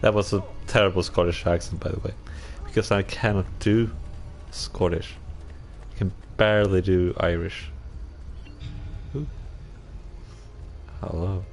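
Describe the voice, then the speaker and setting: A man's voice: deep voice, moderate pace, faint music behind. A man casually commenting on his gameplay, musing aloud and reacting to himself as he plays. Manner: relaxed, musing, talks to himself while playing. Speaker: game streamer.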